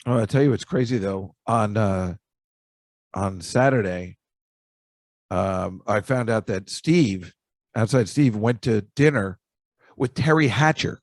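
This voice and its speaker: A man's voice: lowish voice, slow pace, pauses often, dry recording. A man hosting a podcast, telling rambling, jokey stories in a casual chat. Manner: rambling, chatty, jokey asides. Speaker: podcast host. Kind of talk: casual storytelling monologue.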